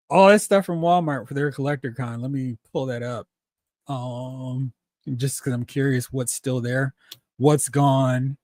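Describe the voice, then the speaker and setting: A man's voice: medium pitch, no room sound, clean studio sound. A man hosting a casual toy-collecting livestream, reading chat comments aloud, laughing often and acting out exclamations.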